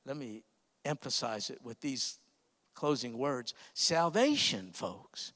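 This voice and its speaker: A man preaching a sermon, telling an emotional story with frequent pauses and hesitations. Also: mid-range voice, lively intonation, a bit bright, in a large hall.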